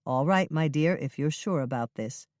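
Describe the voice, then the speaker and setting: Gentle older man, read by an audiobook narrator, calm and reassuring, dry close recording. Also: mid-range voice, moderate pace, no room sound, natural voice. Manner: gentle, soothing. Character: kindly older man caring for a stranger. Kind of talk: audiobook reading.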